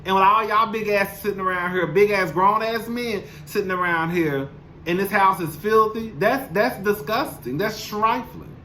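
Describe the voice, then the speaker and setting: A young man delivers a casual recap straight to camera, sassy, blunt and freely profane. His voice sits a little high and sounds bright and forceful, with a faint hiss of room noise underneath. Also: moderate pace, rough recording. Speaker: show recap commentator. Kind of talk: casual reality-TV recap monologue. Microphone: camera mic, speaking to camera.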